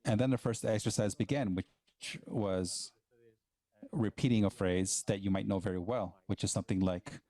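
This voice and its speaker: A man delivers a plenary talk at a conference in a fairly low, warm voice. He speaks haltingly and often restarts his sentences. The sound is dry and close, with little room around it. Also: fairly even intonation, no echo.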